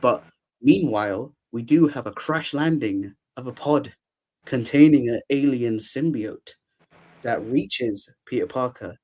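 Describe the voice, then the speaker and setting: A man's voice: medium pitch, measured pace. A young man hosting a podcast, casually recapping a film with lots of laughter and acted-out quotes. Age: young adult. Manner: animated, laughs often, acts out quotes. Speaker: podcast host. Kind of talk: casual movie recap chat.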